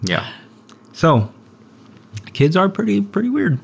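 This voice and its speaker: A young man hosting a podcast, telling a story in a relaxed, rambling way with lots of fillers. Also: high voice, takes it slowly, creaky, slightly rough. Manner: rambling, laid-back storyteller with frequent fillers. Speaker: podcast host. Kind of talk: casual storytelling chat.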